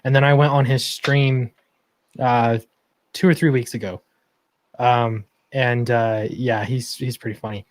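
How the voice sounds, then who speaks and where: An easygoing man hosting a casual late-night stream, agreeing and chatting loosely. His voice sits at a middle pitch, recorded dry and close. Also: flat delivery, unhurried, dry recording. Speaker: stream host.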